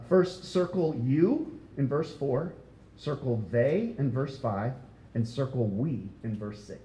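A man preaching an expository sermon to his congregation, talking conversationally and emphatically, often asking the listeners questions. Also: dark tone. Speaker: pastor. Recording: roomy hall with faint rumble.

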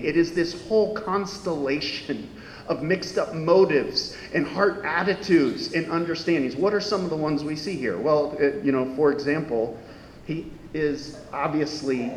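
A man delivers a sermon in a conversational style, peppered with rhetorical questions. His voice sits a little high for a man. The sound is roomy, with a long hall echo and a faint low rumble behind it. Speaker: pastor.

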